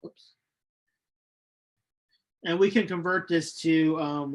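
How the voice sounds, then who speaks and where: A male chemistry lecturer giving a recorded online lecture, unhurried and hesitant, with many ums and restarts. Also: on the high side, steady tone. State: losing his voice, coughing.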